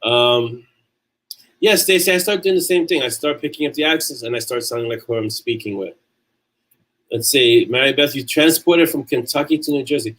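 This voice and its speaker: A man's voice: mid-range voice, moderate pace, fairly bright tone, rough recording. A man with a New York accent hosting a casual livestream, reading viewer comments aloud and answering them in a chatty way. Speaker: livestream host answering chat.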